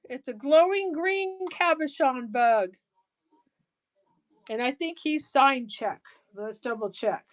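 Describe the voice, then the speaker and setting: A woman hosting a live-stream jewelry auction, chatty and excitable, gushing over each piece. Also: a little high, takes it slowly. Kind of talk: live auction selling chat.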